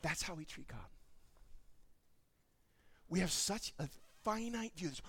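A man preaching a sermon, telling stories in an animated way and acting out the voices of the people in them. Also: sits high, unhurried, breathy edge. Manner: animated storytelling, acts out voices. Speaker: pastor.

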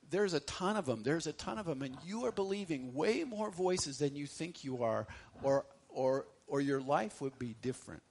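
A middle-aged man preaching a sermon as a pastor, swinging between loud emphasis and hushed lines, repeating phrases for effect. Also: fairly high pitch.

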